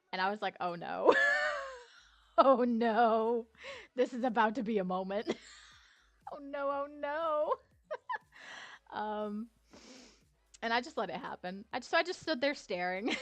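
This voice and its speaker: A woman's voice: on the high side, fairly bright tone, dry recording. A woman streamer telling a story in casual chat, laughing often and swearing freely.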